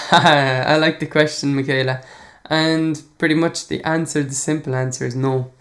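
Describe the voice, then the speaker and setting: An Irish man hosting a language podcast. He answers listener questions in a casual, relaxed way, chuckling often and pausing on fillers. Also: fairly high pitch. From Ireland. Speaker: podcast host.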